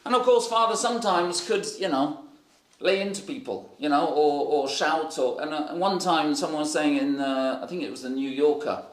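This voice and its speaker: Speaking at a normal speed in a slightly high voice, a man delivers a sermon in a reverberant space. His storytelling wanders, with plenty of fillers and restarts along the way.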